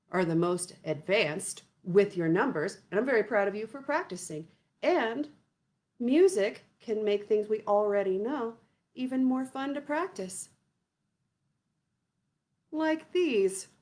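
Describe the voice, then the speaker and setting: A woman leading a children's music lesson, counting and encouraging young viewers in a gentle way. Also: mid-range voice. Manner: gentle, encouraging, sings nursery songs. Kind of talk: singing and counting lesson for kids.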